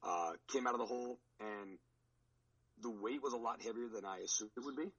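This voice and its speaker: A man's voice: medium pitch, a little fast, fairly bright tone, slightly rough, lo-fi sound. A man on a podcast recounting his powerlifting meet in a rambling, casual way, with many restarts. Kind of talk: casual chat.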